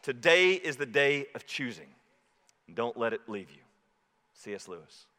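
A man preaching a sermon as pastor, impassioned, dropping low and quiet when he quotes scripture. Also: sing-song, a little slow. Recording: reverberant hall.

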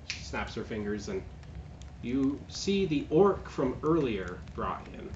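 A man's voice: mid-range voice, sing-song, a little slow. A man narrating a tabletop game as game master, in a casual, chatty way. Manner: casual, chatty, laughs often. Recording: roomy, dull, lightly noisy home recording.

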